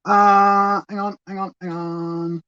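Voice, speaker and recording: Woman, casual makeup livestream chat, rambling and playful, mid pitch, slightly dull lo-fi sound. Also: level tone, takes it slowly, fairly bright tone, clean tone. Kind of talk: chatty livestream makeup tutorial. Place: at home.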